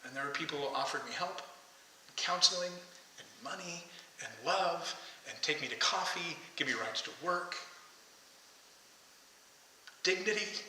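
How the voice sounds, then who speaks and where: A man preaching a sermon as pastor, impassioned, rising to loud calls as he tells the story. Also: on the high side, lively intonation, a little slow, pauses often, far from the mic, a little hiss or hum. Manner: impassioned, shouting the calls to come out. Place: church sanctuary. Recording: echoey church hall.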